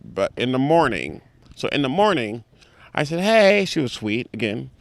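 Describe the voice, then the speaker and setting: Lively, profane man telling stories. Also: normal speed, vocal fry, dry recording. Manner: profane, animated, acts out other voices in high pitch. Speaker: comedian guest. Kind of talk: casual storytelling.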